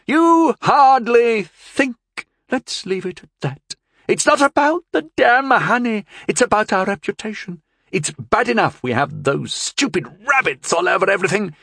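A man's voice: sits high, big pitch swings, normal speed, gravelly, sharp tone, husky, no room sound, studio quality, pitched above the performer's own voice, heavily acted. A man voicing a furious, scheming middle-aged noblewoman who shrieks and scolds, in an audiobook reading. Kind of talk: audiobook character voice.

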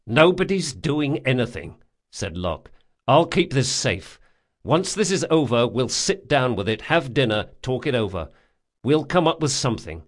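Brash male thief, profane and quick to anger, read by a man in an audiobook, lively rising delivery. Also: medium pitch. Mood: reassuring. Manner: swearing, urgent and emphatic.

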